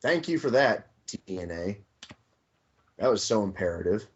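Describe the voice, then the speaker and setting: A man's voice: fairly low pitch, sing-song, normal speed, breathy edge. A man co-hosting a podcast, blunt and sarcastic in casual chat. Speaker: podcast co-host. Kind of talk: wrestling review podcast chat. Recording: dull lo-fi podcast audio.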